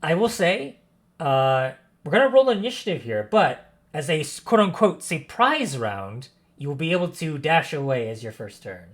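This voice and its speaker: Husky-voiced man narrating as game master. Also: fairly high pitch, normal speed. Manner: expressive narration with frequent self-corrections and fillers.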